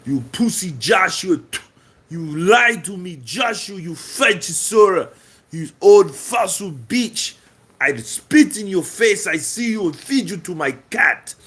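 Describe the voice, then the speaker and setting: A man's voice: high-pitched, expressive, takes it slowly, sharp tone, husky, voice pushed up, heavily acted. A man voicing an angry heavyweight boxer who snarls insults in a heavy put-on foreign accent. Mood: taunting. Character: trash-talking angry male heavyweight boxer.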